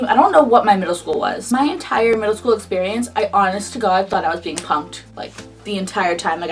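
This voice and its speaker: A woman in her early twenties telling a casual storytime, animated and indignant, swearing freely. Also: medium pitch, recorded from a distance. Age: early 20s. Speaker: vlogger.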